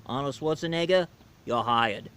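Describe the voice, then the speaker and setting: A man's voice: mid-range voice, moderate pace, a bit bright, smooth, lightly acted. A man puts on a blunt, blustering president who boasts and gives orders. It is a home-made comic impression. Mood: boastful.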